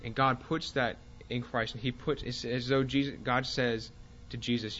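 A man teaching a Bible class, speaking haltingly with fillers and restarts and reading passages aloud with more force. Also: medium pitch, little pitch movement, fairly bright tone, highs cut off, a little hiss or hum.

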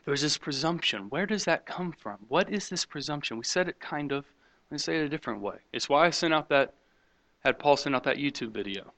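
A man preaching a sermon, swinging between loud emphatic points and quiet hushed asides, mocking skeptics in quoted voices. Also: a little high, expressive, brisk. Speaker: pastor.

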